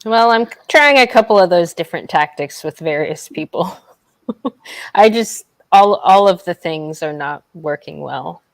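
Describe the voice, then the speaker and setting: A woman's voice: on the low side, lively intonation, unhurried, vocal fry, dry recording. A woman in a casual podcast chat who talks bluntly, swears freely and laughs often. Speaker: streamer.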